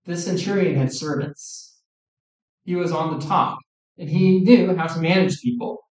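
Male preacher, earnest sermon delivery, slightly high voice, far off in an echoey hall. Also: darkish tone. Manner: earnest, measured, quoting scripture. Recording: echoey room, distant mic.

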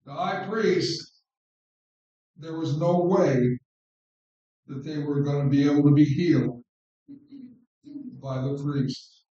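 A man preaching an informal sermon on scripture in an unhurried, conversational way, repeating words for stress. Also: fairly high pitch, fairly even intonation, dark tone, highs cut off. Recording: very echoey room, distant mic.

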